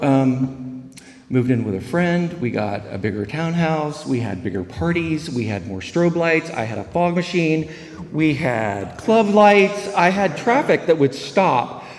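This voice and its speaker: A man's voice: a little high, in a large hall. A man, giving a rambling, humorous personal recovery talk at a meeting. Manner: humorous, rambling storyteller with many fillers. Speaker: AA meeting speaker.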